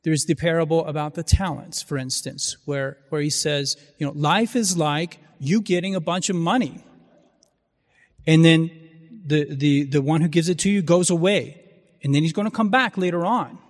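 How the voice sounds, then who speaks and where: A man delivers a sermon in a somewhat high voice, halting often and repeating words as he feels for his phrasing. His voice rings with the long reverb of a large church. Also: fairly even intonation.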